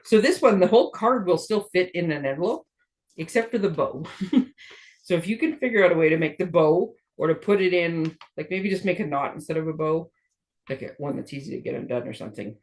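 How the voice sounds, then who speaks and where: A Canadian woman in middle age hosts a relaxed card-making session, demonstrating stamping while she rambles and chuckles at herself. Her lowish voice is animated, brisk and a little mellow.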